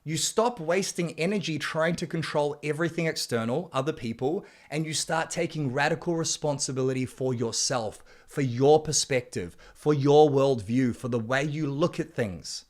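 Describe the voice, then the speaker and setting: Man, slightly higher voice, blunt motivational coach who swears and pushes hard on key points. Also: normal speed, hardly any pauses, darkish tone. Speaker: men's coach narrating his book chapter. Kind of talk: motivational self-help reading.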